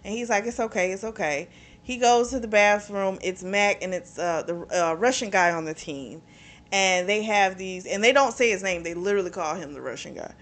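A woman's voice: mid-range voice, moderate pace, a bit bright. A woman casually recapping a novel's plot for her book channel, talking loosely with plenty of fillers. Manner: chatty, retells scenes with lots of fillers. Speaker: book reviewer.

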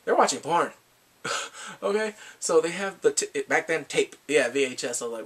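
A man recapping a drama in casual chat, excitable, often laughing and sighing as he acts out the characters' lines. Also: a little high, a little fast. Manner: excitable, quotes characters in lively voices, laughs and sighs often. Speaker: drama reviewer.

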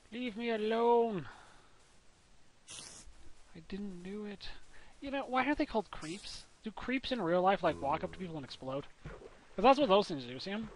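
A man's voice: a little high, fairly bright tone. Goofy rambling young man gaming. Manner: rambling, goofy, talks to himself and the viewers. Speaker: let's play gamer. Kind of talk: casual gameplay commentary. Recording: noisy home mic recording.

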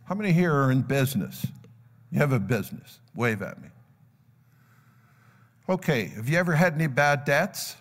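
A man's voice: mid-range voice, sing-song, moderate pace, pauses often. An older man preaching a sermon, telling a parable and acting out its characters' voices. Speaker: pastor. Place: church sanctuary. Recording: long church hall reverb. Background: live congregation.

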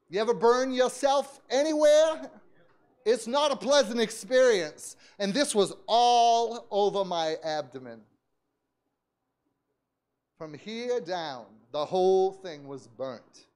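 A pastor preaching to his congregation with a high voice that leaps all over the place. He tells his story animatedly, sinking to quiet asides, then bursting into shouts, with frequent laughter. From United States. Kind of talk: sermon storytelling. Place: church service.

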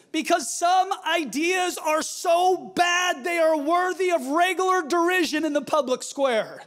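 A male pastor delivering a fiery sermon with forceful, shouted refrains. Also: very high voice, unhurried, hardly any pauses.

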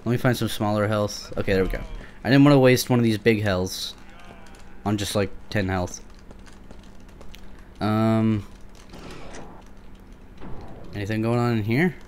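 A man's voice: lowish voice, fairly even intonation, unhurried, pauses often, slight background noise. A young man giving nervous, swearing commentary while playing a creepy shooter game, often talking back to the monsters. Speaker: gameplay commentator. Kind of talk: let's play commentary.

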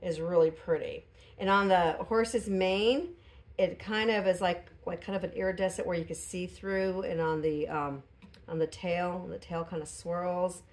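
A woman vlogger chatting casually at home while unboxing a gift, pausing and laughing softly, still recovering from an illness. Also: fairly low pitch, fairly even intonation. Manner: chatty, hesitant, frequent small laughs. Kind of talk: casual chat.

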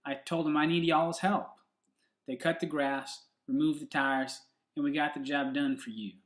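A man's voice: fairly high pitch, fairly even intonation, moderate pace, roomy sound, natural voice. A man putting on a folksy Southern country husband. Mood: folksy, affectionate. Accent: put-on Southern US. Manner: folksy, homespun drawl. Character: country man reciting a love poem to his wife.

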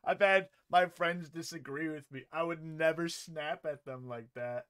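A man's voice: fairly high pitch, unhurried, fairly bright tone, clear, resonant tone. A young man reacting to clips, profane and incredulous, laughing in disbelief as he rants. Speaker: commentary streamer. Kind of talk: reaction commentary.

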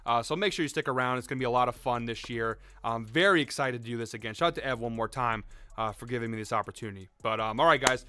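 A man's voice: mid-range voice, pushed and bright, clear, resonant tone, dry recording. A young man hosting a sports betting show, talking in a hyped, salesy way about his picks. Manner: hyped, rapid, salesy delivery. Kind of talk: energetic betting picks talk.

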